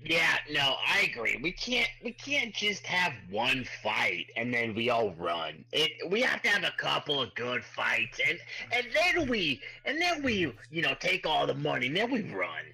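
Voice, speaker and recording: A man playing a tabletop game, describing his character's actions in an animated, storytelling way. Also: fairly high pitch, unhurried, gravelly, hardly any pauses, husky, poor audio. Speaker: player. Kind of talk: casual tabletop role-play.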